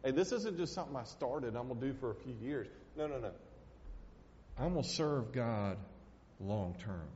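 A man's voice: medium pitch, lively intonation, normal speed, darkish tone, long reverb tail, muffled recording, a little hiss or hum. A man preaching a sermon from the pulpit, folksy and emotional, tossing in "man" and "hey" as he talks. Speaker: pastor. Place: church sanctuary.

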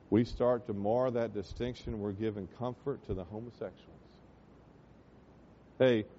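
A male pastor preaching a sermon in church, building to loud passionate peaks and then dropping low and earnest. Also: muffled recording, slight background noise. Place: church sanctuary.

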